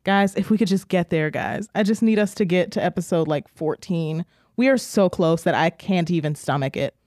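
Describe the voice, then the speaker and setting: A woman's voice: on the low side, normal speed, darkish tone, no room sound. Joking, foul-mouthed woman podcaster, dry sound. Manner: crude, joking, profane. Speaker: podcast co-host. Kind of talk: casual chat and episode recap.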